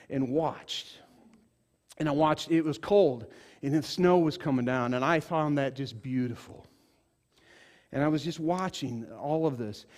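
Animated high-voiced man preaching. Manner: animated storyteller, acts out voices. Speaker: pastor. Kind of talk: sermon with storytelling.

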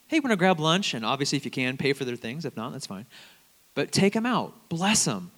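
A man preaching a sermon, telling stories animatedly and swinging between loud bursts and hushed asides. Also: mid-range voice, very animated, fairly quick, big-room sound.

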